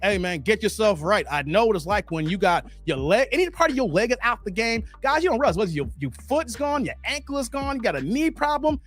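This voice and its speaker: A man around forty hosting a casual livestream, slangy and animated, laughing and chatting with viewers. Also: sits high, fast talker, hardly any pauses, no echo. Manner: animated, slangy, laughs often, chats with the chat. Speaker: livestream host. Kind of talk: casual livestream chat reading viewer comments.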